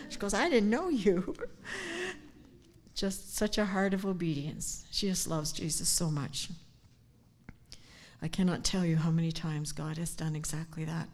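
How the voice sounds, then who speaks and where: Woman, older, low-pitched, heartfelt, earnest, devotional talk, hushed at times. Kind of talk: personal devotional talk with scripture. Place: church gathering, speaking standing up.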